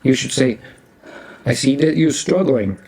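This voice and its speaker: An older man with a New York accent, a talk show guest teasing his wife with wry, halting remarks. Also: medium pitch, a little mellow, husky. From Brooklyn, New York. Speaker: returning guest. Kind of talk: casual banter with his wife.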